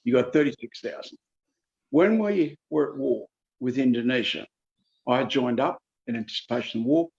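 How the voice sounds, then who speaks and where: A man in his seventies with a Queensland Australian accent, answering interview questions in a folksy, emphatic way and repeating figures slowly for effect. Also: medium pitch, vocal fry, darkish tone, highs cut off. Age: 70s. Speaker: politician guest.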